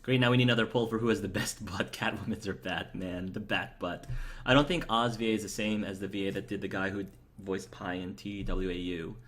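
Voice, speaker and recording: A man's voice: low voice, fairly even intonation, fairly quick, a bit bright, a little hiss or hum. A man chatting casually and enthusiastically while playing a video game and answering his chat, rambling with fillers. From United States. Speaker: let's play host. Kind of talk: casual gameplay commentary, reading chat aloud.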